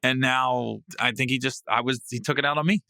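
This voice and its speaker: This podcast host tells a funny story in a bright, gravelly male voice, moving briskly. Salty and casual, he swears freely and swings animatedly into loud, high bursts of laughter, captured on a podcast mic with no room sound.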